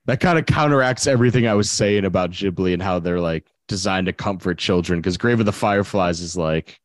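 A man's voice: sits low, brisk, no echo. A man chatting casually on a podcast, laid-back and swearing often. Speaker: podcast guest.

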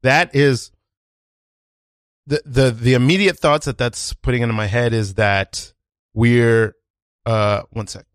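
A man's voice: medium pitch, steady tone, takes it slowly, long pauses, no room sound. A man hosting a podcast, chatting casually and reacting to his guest. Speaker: podcast host. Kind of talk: casual chat.

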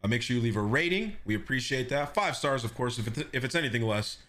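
A man hosting a podcast, chatting casually in relaxed, slangy banter. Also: medium pitch, fast. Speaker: podcast host. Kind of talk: casual chat.

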